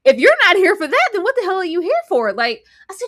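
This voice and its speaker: Sassy, bright-voiced woman recapping TV. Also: very high voice, quick pace, no echo, studio quality. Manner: animated, acts out characters' lines with slangy sass. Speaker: podcast co-host. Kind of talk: casual TV recap chat.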